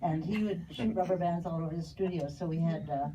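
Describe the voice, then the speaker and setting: A woman animator reminiscing on a panel in a chatty, halting way with fillers. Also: on the low side, crowd noise. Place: panel talk before an audience. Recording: distant mic with clear background noise.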